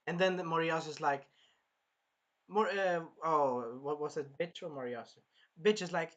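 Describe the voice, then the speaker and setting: A reviewer excitedly recapping an anime episode, acting out the characters' shrieks and cries and often losing track mid-sentence. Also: mid-range voice, moderate pace. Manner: animated, acts out shrieks and cries; rambling, loses track and restarts.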